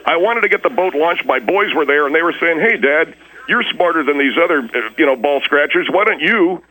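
A hapless, defensive small-town man, played by a man in a radio comedy bit. He rambles on and keeps justifying himself. His voice is bright and sits a touch high. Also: expressive, fairly quick, rough recording. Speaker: recurring comedy character on a radio show.

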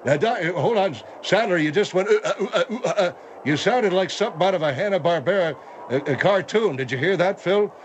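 A man's voice: high voice, expressive, brisk, muffled recording, slight background noise, pitched above the performer's own voice. A man playing a rambling, defensive male studio regular who chimes in with asides.

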